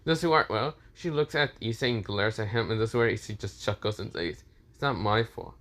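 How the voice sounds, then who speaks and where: A man's voice: on the low side, animated, brisk, fairly bright tone. A man casually narrating a fan story, rambling and leaning on the same fillers again and again. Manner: rambling, repeats fillers often.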